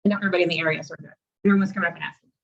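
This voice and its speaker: This woman, a realtor and online content creator, tells stories in a chatty way and performs the quoted lines herself. She speaks rapid-fire in a lowish, creaky, fairly bright voice with fairly even intonation. The highs in the recording are cut off.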